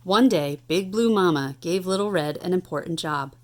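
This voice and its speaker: A woman in her thirties reads a children's picture book aloud at home, animated and playful. Her voice sits a little low for a woman. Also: normal speed. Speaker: parent reading aloud. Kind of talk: storybook read-aloud.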